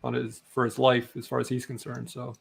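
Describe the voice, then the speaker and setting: Creaky-voiced, flat game master. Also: male voice, mid-range voice. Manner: laid-back, halting, many ums. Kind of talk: narrating a tabletop game.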